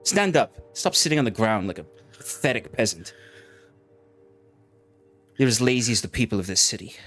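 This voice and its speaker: A man's voice: mid-range voice, sing-song, moderate pace, a bit bright, faint music behind. A man voicing a stern, contemptuous male enforcer officer who barks orders and scolds. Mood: commanding.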